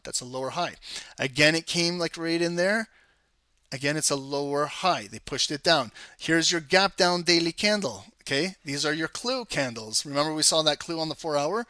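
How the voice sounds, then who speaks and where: Energetic male trading coach, bright and fairly high voice, close dry sound. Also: dry recording. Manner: energetic, chatty, teasing the audience. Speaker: trading educator. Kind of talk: live market analysis walkthrough.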